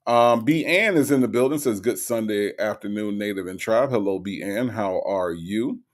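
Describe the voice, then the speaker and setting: A man hosting a relaxed livestream, reading chat messages aloud and answering each one. His voice sits a little low but leaps high for emphasis, then drops back down into easy, casual talk. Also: normal speed.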